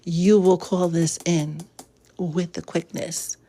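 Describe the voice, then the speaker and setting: Lady spiritual reader on a live, talks slow and easy, stretches out her hellos, whispers the soft bits. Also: on the low side, steady tone. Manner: greets viewers by name with drawn-out hellos; drops into soft whispered affirmations. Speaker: spiritual reader hosting a livestream. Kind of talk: casual livestream chat.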